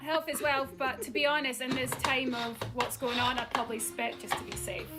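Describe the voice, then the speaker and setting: Sassy young woman over loud music. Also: high voice, flat delivery, normal speed. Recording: loud music bed behind the voice.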